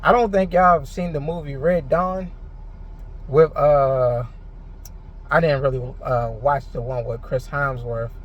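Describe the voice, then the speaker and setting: A man's voice: mid-range voice, steady tone, measured pace, dull audio. A frustrated man ranting in a rambling, heated monologue, full of filler words and swearing. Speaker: vlogger. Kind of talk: unscripted monologue to camera.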